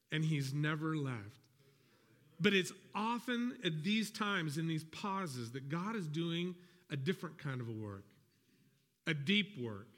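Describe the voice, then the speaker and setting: A pastor delivering a sermon, earnest and animated, acting out people's inner dialogue with God. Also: male voice, fairly high pitch. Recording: reverberant hall.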